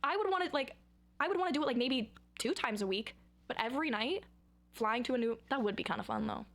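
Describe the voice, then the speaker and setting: A young woman talking in a casual vlog, rambling and excitable with dramatic outbursts. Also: high-pitched, fast talker. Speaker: vlogger.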